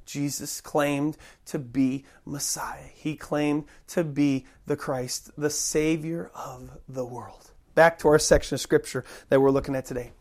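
A preacher giving a sermon, emphatic, slowing down to stress key phrases. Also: mid-range voice, steady tone, darkish tone. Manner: emphatic, shifting pace with slow stressed phrases.

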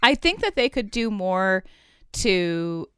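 A woman's voice: medium pitch, big pitch swings, takes it slowly, a bit bright, smooth, no room sound, clean studio sound. A woman co-hosting a podcast, chatting frankly about commercials and often correcting herself mid-sentence. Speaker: podcast co-host. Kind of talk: casual chat reviewing ads.

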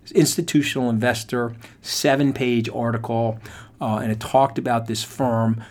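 A middle-aged man hosting a podcast, telling a motivational story in an animated, emphatic way and speaking straight to listeners. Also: mid-range voice, normal speed. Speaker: podcast host.

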